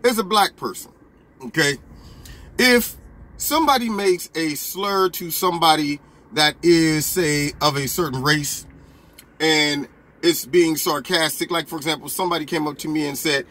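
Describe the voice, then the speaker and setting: A man giving opinionated political commentary in an animated, argumentative way, full of rhetorical questions. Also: fairly high pitch, normal speed.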